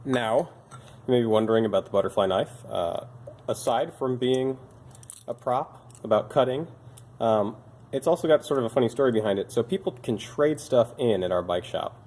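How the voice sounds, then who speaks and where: A young man with a medium-pitched, darkish voice talks at a moderate pace. He's a bike shop mechanic and video host, casually showing old bike parts while sounding tired and joking dryly at his own expense.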